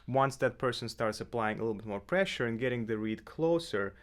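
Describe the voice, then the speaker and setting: Man explaining clarinet technique, relaxed. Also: medium pitch, brisk. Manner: relaxed, with frequent fillers and self-corrections. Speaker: clarinet teacher. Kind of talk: casual instructional tutorial. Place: apartment indoors.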